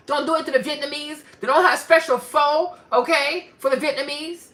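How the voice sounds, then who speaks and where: High, bright-voiced woman ranting. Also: normal speed, hardly any pauses. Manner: animated, emphatic, repeats herself for effect. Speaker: vlogger. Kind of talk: ranting commentary.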